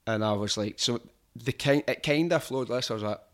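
A man's voice: medium pitch, a little fast. A man with a strong Glaswegian accent chatting casually on a podcast, swearing freely and rambling through anecdotes. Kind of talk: casual chat.

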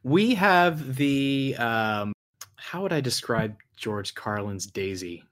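A man's voice: mid-range voice, very animated, slow, fairly bright tone. Thoughtful man, podcast guest. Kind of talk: casual online discussion.

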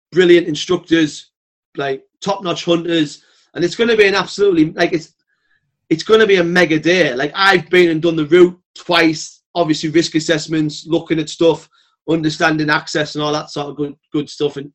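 A man, talking bluntly and swearing freely as a podcast guest, telling animated stories. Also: fairly high pitch, normal speed. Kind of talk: casual podcast chat.

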